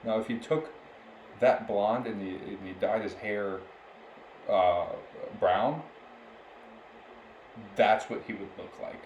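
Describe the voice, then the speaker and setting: A man's voice: lowish voice, slow, long pauses, darkish tone, dull audio. Young man, casual storytelling, laughs a lot, echoey room, faint noise. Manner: laughs often while telling stories, rambling. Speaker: podcast co-host. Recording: roomy echo with faint background noise.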